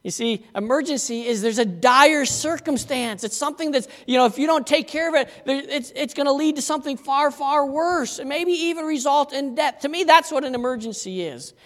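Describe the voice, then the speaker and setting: A man's voice: very high voice, fairly quick, few pauses, a bit bright. A man preaching a conversational sermon as pastor, telling stories in a folksy way. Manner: folksy storytelling. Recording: long hall reverb.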